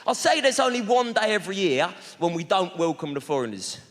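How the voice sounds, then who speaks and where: Brash comic working a crowd. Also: male voice, sits high, big pitch swings, fairly quick. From London. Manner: brash, mock-welcoming banter with the crowd. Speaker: stand-up comedian. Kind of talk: stand-up crowd work. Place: large theatre stage. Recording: big echoey hall with loud crowd. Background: audience laughter.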